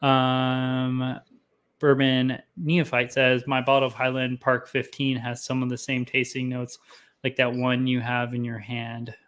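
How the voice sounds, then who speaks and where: A young man chats loosely about a drink, rambling and laughing at himself, full of fillers. His pitch sits mid-range and he jumps from thought to thought. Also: monotone, unhurried, fairly bright tone. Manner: rambling, self-deprecating, lots of fillers. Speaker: whiskey tasting show host. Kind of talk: casual tasting chat.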